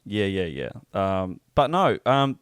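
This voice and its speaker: A young New Zealand man co-hosting a podcast, telling a story in a relaxed, joking, sweary way. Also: lowish voice, unhurried, smooth, dry recording, studio quality. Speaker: podcast co-host. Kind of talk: casual storytelling chat.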